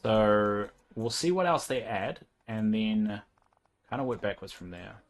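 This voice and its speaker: A man's voice: lowish voice, measured pace, faint music behind. A young man with a New Zealand accent, chatting casually as a livestreamer while he plays a game and thinks aloud with plenty of fillers.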